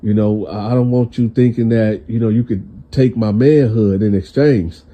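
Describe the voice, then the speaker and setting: A man's voice: on the low side, fairly even intonation, moderate pace, dull audio, natural voice. A man quoting a wary young cellmate. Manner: hesitant, stammering. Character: cautious young male cellmate.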